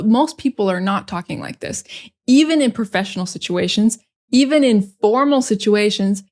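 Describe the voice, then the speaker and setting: A woman gives a casual English lesson. She speaks frankly and emphatically, and she is not shy about her strong opinions. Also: medium pitch. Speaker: English teacher.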